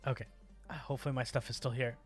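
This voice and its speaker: A man chats casually while streaming a game, his voice sitting in an ordinary middle pitch. He rambles between topics and breaks into sudden yelps and exclamations. Faint music plays underneath. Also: little pitch movement, racing. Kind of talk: casual gameplay chat.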